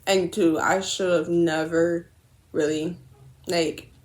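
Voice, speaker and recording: A young woman telling a rambling, animated story while doing her makeup, swearing often and correcting herself as she goes. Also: on the low side, takes it slowly.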